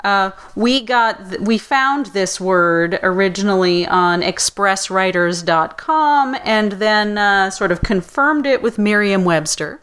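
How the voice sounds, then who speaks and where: A woman's voice: medium pitch, lively intonation, slow pace, few pauses, a bit bright, clean tone. Chatty woman podcast co-host. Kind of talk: casual podcast banter.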